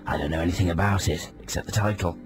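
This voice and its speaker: A radio host putting on a dreamy, camp male rock star under hypnosis, drifting and whimsical, dropping low and slow. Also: fairly even intonation, over music, natural voice. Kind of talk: comedy radio sketch.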